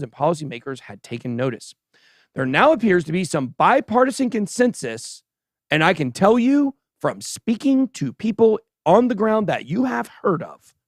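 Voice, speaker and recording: A man hosting a casual livestream crypto show, giving animated and sarcastic commentary as he chats with a co-host and the live chat. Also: on the high side, no echo, clean studio sound. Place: show studio stage.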